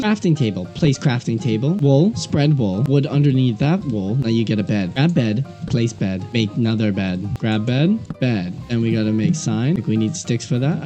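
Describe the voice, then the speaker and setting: A young man giving casual gameplay commentary as a video creator, goofy and self-mocking, with sudden high-pitched outbursts. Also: mellow. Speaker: gaming YouTuber. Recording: music playing behind.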